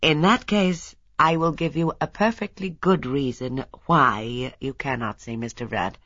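A woman reading an audiobook and voicing a brisk, blunt male doctor. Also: rumbling low, a bit bright, slightly rough, dry recording, highs cut off, full character voice. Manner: blunt, matter-of-fact.

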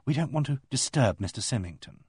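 A male reader voicing a young woman who speaks brightly and directly, in a lifted, lighter voice. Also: medium pitch, lively intonation, a little fast, husky, no echo, studio quality. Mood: polite.

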